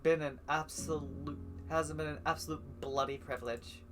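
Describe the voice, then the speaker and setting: A man's voice: a little high, fairly even intonation, normal speed, close to an everyday voice. A man reading as a weary older café owner. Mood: wistful. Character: weary older man who runs a cafe for the dead. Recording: guitar music playing underneath.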